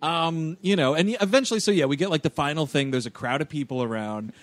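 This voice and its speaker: A man's voice: fairly high pitch, quick pace. A man co-hosting a casual movie podcast, joking and riffing with frequent laughs. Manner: jokey, riffing, laughs often. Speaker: podcast co-host. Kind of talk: casual film discussion.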